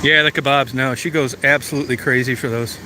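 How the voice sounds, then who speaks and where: A man's voice: mid-range voice, fairly even intonation, fast talker. A middle-aged man chatting casually outdoors beside an old van, plain-spoken and folksy with the odd curse. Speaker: vlogger. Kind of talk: casual chat. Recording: noisy outdoor recording with engine sounds. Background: vehicle and engine noise.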